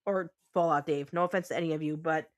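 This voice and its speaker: A woman's voice: deep voice, steady tone, fast, no room sound. A woman streaming a game live, talking blunt and unfiltered to her chat and swearing freely.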